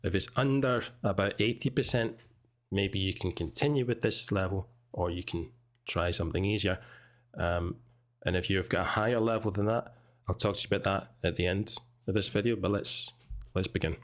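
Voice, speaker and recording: A man from Scotland with a Scottish accent, teaching English in a relaxed, chatty way as he comments on a video. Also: sits low, moderate pace. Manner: relaxed, chatty, explains pronunciation.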